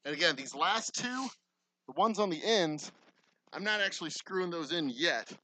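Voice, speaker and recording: A man's voice: a little high, expressive, moderate pace, pushed and bright, a little hiss or hum, low-quality recording. A man with a Texan accent, casually talking viewers through a framing job on a construction site, thinking aloud with self-deprecating asides. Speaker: distillery owner vlogging construction. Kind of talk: casual vlog while working. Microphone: camera mic, moving around off camera.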